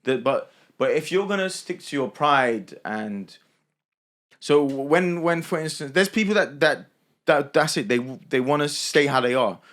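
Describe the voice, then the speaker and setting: A man's voice: on the high side, expressive, a little slow, a bit bright. A man, a podcast co-host in casual discussion, laid-back and saying "bro.". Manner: laid-back, lots of murmured agreement, calls people bro.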